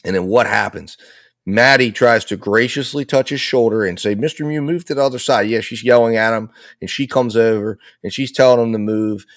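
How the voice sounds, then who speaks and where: Low-voiced man giving trial commentary. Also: dry recording, studio quality. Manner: argumentative, repetitive, restating the other side's case. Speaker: legal commentator.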